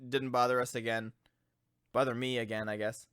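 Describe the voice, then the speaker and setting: Bright, joking young man. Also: mid-range voice, little pitch movement, moderate pace, clean tone. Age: young adult. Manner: joking, laughs often. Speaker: podcast co-host. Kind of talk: casual comedic chat.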